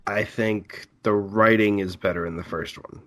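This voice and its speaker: A young man with a low voice co-hosts a podcast, talking haltingly with lots of fillers and restarts. He sounds a little sick. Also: fairly even intonation, a bit bright. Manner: halting, hesitant, many fillers. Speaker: podcast co-host. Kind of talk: casual chat.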